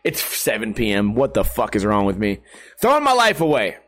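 A man's voice: lowish voice, wildly swooping pitch, fairly quick, fairly bright tone. A man in his thirties rambling casually in a vlog, crude and self-mocking, swearing often and laughing at himself. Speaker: vlogger.

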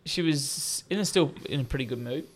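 A man's voice: fairly high pitch, a little fast. A man in his thirties, a podcast co-host, chatting casually and laughing often as he tells a story.

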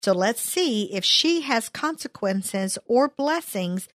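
A woman's voice: a little high, lively intonation, slow pace, a bit bright, dry recording, studio quality. A woman leading a casual Bible study, reading verses aloud and adding her own comments. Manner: reads verses then comments, playful asides.

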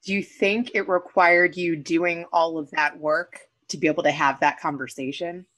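A woman's voice: on the low side, fairly even intonation, normal speed, fairly bright tone. A woman interviewing a guest, asking curious, probing questions.

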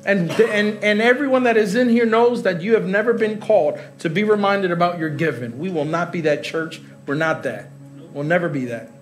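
A middle-aged male pastor preaching a live sermon in a large church hall, with a fairly high voice. He talks to the congregation in a loose, joking way and laughs along with them. Faint music plays beneath his words. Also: normal speed.

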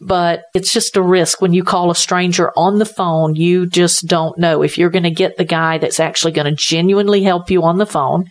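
A woman's voice: on the low side, fairly even intonation, normal speed, few pauses. A woman who runs a tech support business for seniors, talking earnestly in a conversational interview and repeating her points for emphasis.

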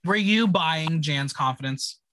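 A man's voice: fairly high pitch, a little slow, a bit bright, dry recording. A man hosting a casual recap chat, playful and theatrical, teasing his co-host. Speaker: podcast host.

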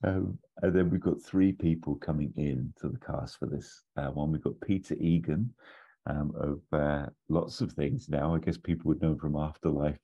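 Very deep, dark-voiced man. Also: steady tone, moderate pace, creaky, slightly rough. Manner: rambling, hesitant, many restarts and fillers. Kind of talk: casual chat, pitching a story idea. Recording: dull lo-fi recording.

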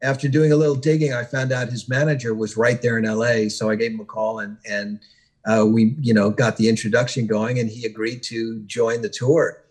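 Hoarse, husky man telling a story. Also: mid-range voice, little pitch movement. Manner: rambling, many pauses and uhs, warm storyteller. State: hoarse, losing his voice. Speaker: guest musician. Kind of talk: interview storytelling.

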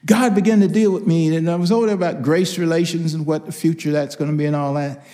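An older man preaching a personal testimony, telling stories with lively quoted voices. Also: fairly high pitch, fast. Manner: animated storytelling, acts out quoted voices. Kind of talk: testimony sermon.

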